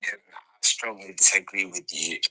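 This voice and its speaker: A man calling into a casual debate, brash and defiant, with a rough, smoky-sounding voice. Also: sits low, normal speed, pushed and bright, no echo, low-quality recording.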